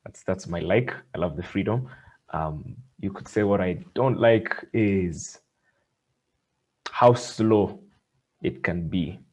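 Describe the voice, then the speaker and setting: A man speaking as a panelist, brief and low-key. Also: slow, pauses often, darkish tone. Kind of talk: casual panel talk.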